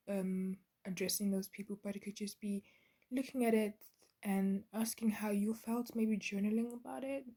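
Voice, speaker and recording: A woman giving a channeled spiritual card reading in a soft, half-whispered, halting way, with many pauses. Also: medium pitch, husky. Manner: soft, gentle, halting with fillers. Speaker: intuitive card reader.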